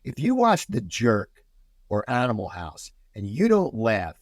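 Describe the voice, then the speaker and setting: A man from the United States talks as a podcast guest, his pitch bouncing up and down as he tells stories. He often restarts his sentences and circles back before getting to the point. The sound is close and dry, with no room around it. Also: unhurried, dry recording. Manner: animated storyteller, many restarts. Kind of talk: casual podcast chat.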